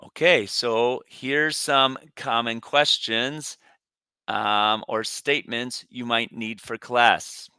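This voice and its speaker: A man teaching Spanish, reading vocabulary slowly in a lowish voice so students can repeat after him. His tone is bright and smooth, recorded close in a dry room. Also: steady tone, no room sound. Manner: pronounces words for students to repeat. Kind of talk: recorded classroom lesson.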